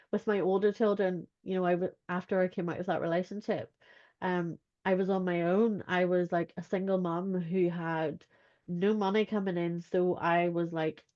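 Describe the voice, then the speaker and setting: Appearing as a podcast guest, a woman talks earnestly and candidly about personal matters, using "like" in most sentences. Her voice is mid-range and a little mellow, and the recording has a dull lo-fi sound.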